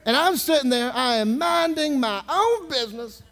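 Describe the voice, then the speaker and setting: A male minister telling a story in a sermon, sarcastic and animated, acting out the people he talks to. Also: very high voice, moderate pace. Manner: sarcastic, animated storyteller who acts out dialogue.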